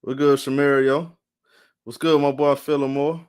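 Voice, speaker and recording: Tired live-stream sports host, rambling. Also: male voice, mid-range voice, flat delivery, a little slow, a little mellow, clear, resonant tone. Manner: rambling, repeats himself, greets chat viewers by name.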